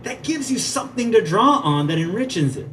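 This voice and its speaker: A man teaching playwriting in a conference talk, lively and chatty, often checking in with "right?". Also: sits high, moderate pace, recorded from a distance, a little hiss or hum. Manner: animated, asks "right?" often, chatty asides. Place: museum theater at a conference.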